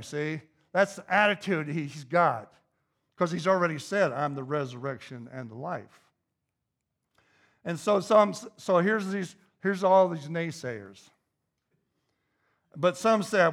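A pastor preaching a sermon, repeating key phrases and building to an emphatic, raised intensity. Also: male voice, sits high, animated, slow, a bit bright.

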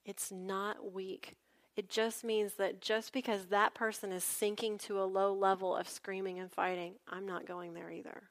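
A woman's voice: mid-range voice, measured pace. A woman pastor preaching a sermon in a chatty, storytelling way with asides to her listeners. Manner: conversational, animated storytelling with asides to the congregation.

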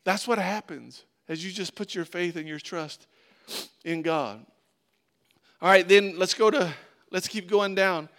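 High-voiced man preaching conversationally. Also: unhurried, long pauses. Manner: conversational, animated preaching with frequent restarts. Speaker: pastor. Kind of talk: sermon.

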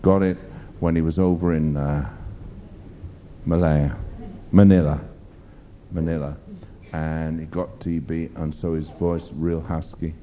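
Low dark preacher guy, emphatic rambly sermon, faint rumble behind. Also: level tone, unhurried, dull audio. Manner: emphatic, rambling storytelling with fillers.

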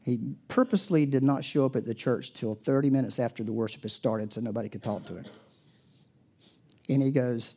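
A man's voice: medium pitch, fairly quick, breathy edge. A middle-aged man preaching a sermon, telling stories in a loose, conversational way. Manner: storytelling, conversational and animated. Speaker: pastor.

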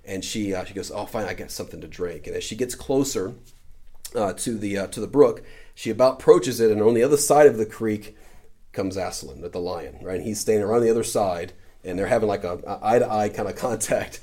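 Low, mellow-voiced man preaching casually. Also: brisk. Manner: conversational, with frequent "right?" tags. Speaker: pastor. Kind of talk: sermon.

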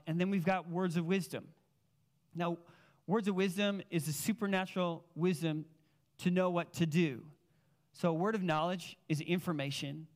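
A man preaching a sermon as a pastor, telling personal stories in an animated, casual way with plenty of filler words. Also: on the high side.

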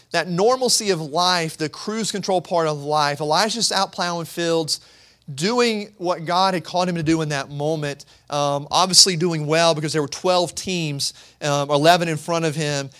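A man's voice: a little high, normal speed, a bit bright. A man preaching a sermon as pastor, in a conversational way, often repeating words as he searches for the next phrase.

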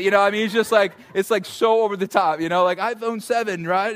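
A male pastor preaching a conversational, animated sermon, often repeating words as he goes. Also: sits high, a little fast, hardly any pauses.

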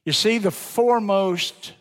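A man with a Southern American accent preaching a sermon as pastor, swinging between loud emphasis and hushed lines. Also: sits high, unhurried. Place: church sanctuary. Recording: church hall with long reverb.

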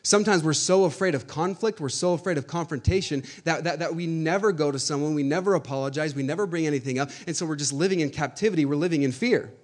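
A man in his thirties preaches to his congregation in a loose, conversational way, stumbling over fillers and repeating himself. His voice sits a bit higher than most men's. He reads scripture aloud between stories. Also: fast talker, few pauses. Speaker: pastor. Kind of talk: sermon.

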